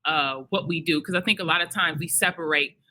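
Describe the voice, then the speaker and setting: A woman from Detroit hosts a live podcast at an expo, talking in a bright, ringing voice. She is chatty and animated, laughing often and slipping into bits of song. Her talk is loose and friendly. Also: deep voice, a little fast, poor audio. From Detroit, Michigan. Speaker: podcast host. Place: expo venue.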